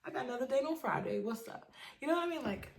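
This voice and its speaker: A woman's voice: high-pitched, animated, fast talker, slight background noise. A young adult woman talking casually to camera in an emphatic, chatty way, often asking "you know what I mean". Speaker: vlogger. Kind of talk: casual advice monologue to camera.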